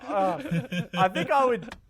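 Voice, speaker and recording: A man's voice: high voice, a little slow, a bit bright. An Australian man as podcast co-host, laughing and teasing in casual banter.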